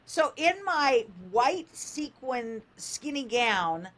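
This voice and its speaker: An older woman radio host telling a funny story, lively and animated, acting out the voices in it. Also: drawn-out words. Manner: lively, acts out quoted voices with big pitch jumps.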